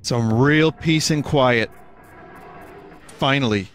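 A man's voice: mid-range voice, slow pace, soft background music, close to an everyday voice. A man voicing a grumpy male viewer who calls up demanding a refund, in a petulant, complaining way. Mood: relieved.

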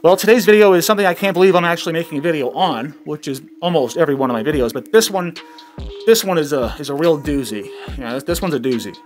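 A man with a notably high voice hosts his comedy commentary channel. He rambles through his points, stumbling and restarting sentences as he goes, with faint music under him. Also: animated, fast.

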